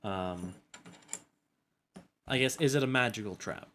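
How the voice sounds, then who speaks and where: A man playing a tabletop game who talks in halting starts, with many ums and restarts. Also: on the low side, pushed and bright, slight background noise. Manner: hesitant, full of restarts and ums.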